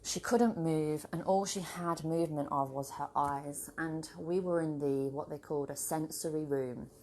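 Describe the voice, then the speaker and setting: Low-voiced swearing woman vlogger. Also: fairly even intonation, moderate pace, darkish tone, a little hiss or hum. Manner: rambling, swears freely, bursts into laughter and playful voices. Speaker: spiritual vlogger. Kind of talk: casual chat to camera. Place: home with her dog. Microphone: camera on a tripod.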